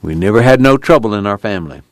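A man's voice: fairly low pitch, lively intonation, no echo. A man doing an anxious humble farmer. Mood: pleading. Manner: halting rural dialect, earnest and pleading. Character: worried, humble poor farmer father.

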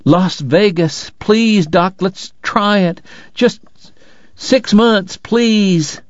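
A man voicing a tearful young woman who pleads and turns bitter, in a raised, higher voice. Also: flat delivery, measured pace, a little mellow, dry recording, highs cut off. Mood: coaxing.

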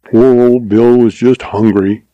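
A man voicing a quick-witted young cowboy in a storybook reading, talking in a folksy, easygoing ranch-hand way. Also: medium pitch, lively intonation, dry recording, muffled recording. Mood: defensive.

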